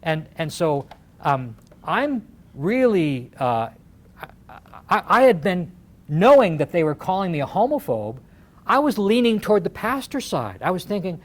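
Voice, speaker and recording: Emphatic, excitable man telling a story. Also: high voice, normal speed. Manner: emphatic, excitable, frequent "right?" asides and restarts. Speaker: pastor and former candidate. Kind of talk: animated personal storytelling.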